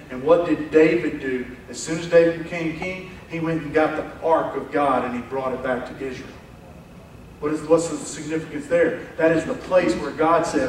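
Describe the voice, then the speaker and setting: A man's voice: on the high side, normal speed, a little hiss or hum. Preaching man in an echoey church. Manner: animated, acts out quoted voices, swings from loud to hushed. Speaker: pastor. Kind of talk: sermon. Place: church sanctuary. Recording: echoey church hall from far off.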